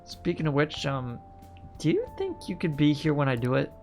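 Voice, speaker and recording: A man reading game lines aloud as a gentle, earnest young heiress, with a slipping English accent and a soft, polite, sincere delivery. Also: a little high, wildly swooping pitch, normal speed, faint music behind.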